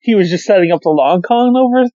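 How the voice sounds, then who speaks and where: A mid-pitched podcast co-host picking apart a film in casual chat. They sound incredulous, swear freely and laugh often. The recording is dry and somewhat dull. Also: expressive, fast talker, dark tone, dry recording. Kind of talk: casual movie review chat.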